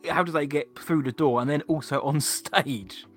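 Male co-host, slightly higher voice, opinionated casual chat, faint music under. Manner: opinionated, chatty, quick asides. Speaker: podcast co-host.

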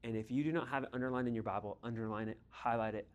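A man preaching a sermon, emphatic, swinging between loud exhortation and hushed, near-whispered lines. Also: mid-range voice, fairly even intonation, very fast, lo-fi sound.

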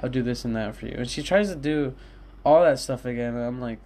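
A man's voice: mid-range voice, brisk, a little mellow. A young man in his own room, rambling candidly and swearing often in a casual solo talk to his listeners. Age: young adult. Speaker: podcast host.

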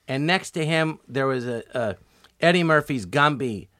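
A man's voice: mid-range voice, moderate pace, dry recording, clean studio sound. A man, a comedian guest, telling stories in an interview and acting out what people said to him. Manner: animated, acts out quoted dialogue with many "I go"s. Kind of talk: storytelling in a podcast interview.

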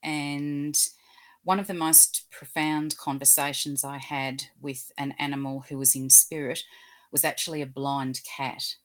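A woman from Australia, a guest in an interview, telling gentle, animated stories about talking with animals. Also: a bass voice, unhurried. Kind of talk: casual interview storytelling.

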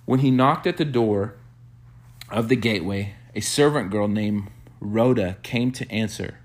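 A man preaching a sermon, telling a story with animated quoted bursts and soft hushed reflective asides. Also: measured pace. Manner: animated storyteller, acts out quotes with sudden high-pitched bursts. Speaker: pastor.

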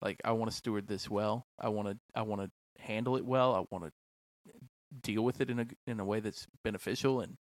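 A man hosts a podcast in relaxed, playful conversation, leaning on fillers as he thinks aloud. His voice sits in a middle register. The mic is close and the room is dry. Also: fairly low pitch, a little fast, no echo. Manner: chatty, playful, many fillers like "like". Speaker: podcast host. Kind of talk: casual interview chat.

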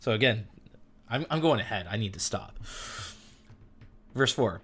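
Excitable young man teaching the Bible. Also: mid-range voice, moderate pace, pauses often, breathy edge. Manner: enthusiastic, gets amped and self-interrupts. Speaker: podcast host.

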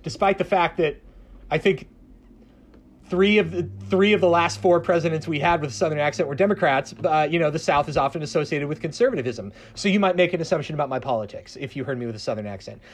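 A man's voice: fairly high pitch, quick pace. A man from the American South who works in public radio, talking through a question in a casual panel discussion with lots of fillers and restarts. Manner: hesitant, many restarts and fillers. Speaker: public radio journalist guest.

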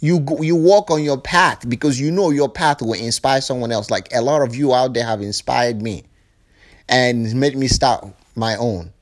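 A man's voice: medium pitch, normal speed. A man giving a fervent spiritual monologue, preachy and profane, often acting out other people's voices. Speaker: spiritual speaker.

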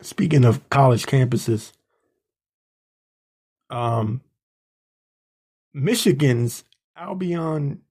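A male podcast host working in the DC area rants with indignant anger, mocking those he talks about. His medium-pitched voice is mellow and slightly rough, with noticeable vocal fry.

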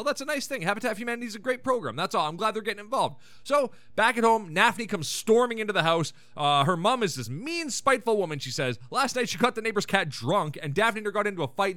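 A man's voice: sits high, sharp tone, dry recording. A man hosting a podcast, recapping an episode in a casual, irreverent way and swearing freely. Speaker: podcast host.

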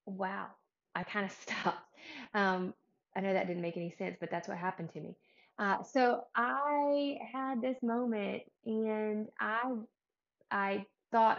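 A woman hosting a devotional podcast, talking casually and earnestly about the Bible. She rambles and restarts her sentences, with a mid-range pitch. The audio is a little muffled. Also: slow pace, vocal fry, pauses often. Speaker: podcast host.

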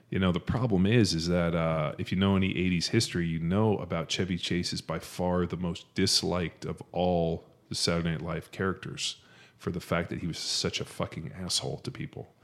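A man's voice: low-pitched, steady tone, normal speed. A man co-hosting a podcast in casual chat, rambling and quoting movie lines in put-on voices. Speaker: podcast co-host.

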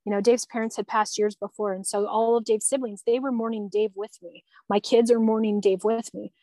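A middle-aged woman sharing a personal story in a podcast conversation, earnest and reflective, growing animated as she recalls events. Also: mid-range voice, no echo, rough recording. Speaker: guest.

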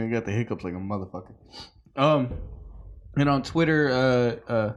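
A man's voice: medium pitch, lively intonation, moderate pace, pauses often. A man co-hosting a casual podcast, rambling, swearing and full of fillers. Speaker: podcast co-host.

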